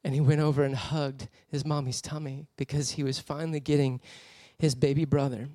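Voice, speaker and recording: A man preaching a sermon as a personal story, animated and laughing often as he tells it. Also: mid-range voice, brisk, no echo, clean studio sound.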